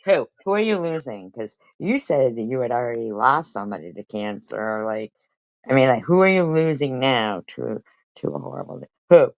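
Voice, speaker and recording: A woman's voice: a bass voice, lively intonation, normal speed, creaky, a little mellow, no room sound, poor audio. A woman live streamer arguing in a profane, confrontational and mocking way. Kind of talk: heated live-stream commentary.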